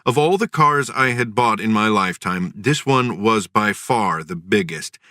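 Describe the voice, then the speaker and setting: A man's voice: fairly low pitch, expressive, a little slow, bright, forceful tone, no echo. A man narrating a first-person audiobook in a matter-of-fact, dry manner.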